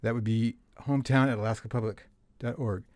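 A man hosts a public radio call-in show from the studio, relaxed and chatty as he asks his guest questions. His voice is mid-pitched and unhurried. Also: no echo. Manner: easygoing, conversational interviewer. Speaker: radio talk show host.

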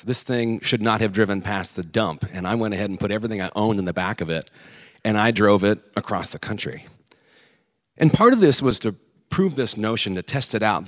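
A man in his thirties telling a candid personal story on a theater stage, earnest and halting at times. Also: lowish voice.

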